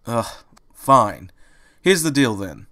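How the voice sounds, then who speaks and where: A man voicing a gruff, streetwise male rabbit in a fan audiobook reading, talking in an impatient, grumbling, sarcastic way. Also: medium pitch, lively intonation, a little fast, fairly bright tone, no room sound, natural voice.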